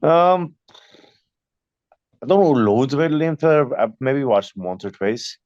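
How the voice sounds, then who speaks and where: A young boxer in a casual interview, chatty, telling stories with many fillers and restarts. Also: male voice, medium pitch, expressive, a little slow, a little mellow, no echo, muffled recording.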